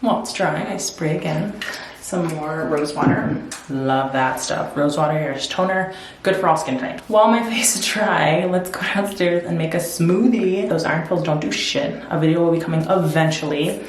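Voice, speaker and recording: A young woman chatting casually in a self-care vlog at home, rambling with lots of fillers, teary and dropping into soft whispers. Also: low-pitched, moderate pace, slight background noise. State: teary, emotional. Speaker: vlogger. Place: home, indoors at night.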